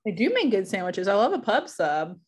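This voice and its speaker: A woman's voice: medium pitch, sing-song, fairly quick, breathy edge. Chatty woman teacher on a video call. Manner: chatty, laughs easily. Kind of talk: casual online class chat.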